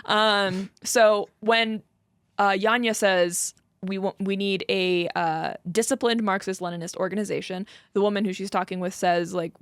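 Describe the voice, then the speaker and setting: Woman podcast host, mid pitch, casual storyteller, laughs easily, dry booth sound. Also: fairly even intonation, moderate pace, clean tone, dry recording. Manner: chatty, laughs often, many fillers. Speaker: podcast co-host presenting research.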